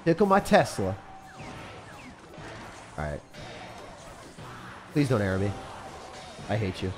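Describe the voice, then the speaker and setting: A young man giving live commentary on his game as a streamer, swinging between loud outbursts and low muttering. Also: wildly swooping pitch, takes it slowly. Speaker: gaming streamer. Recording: faint music behind voice.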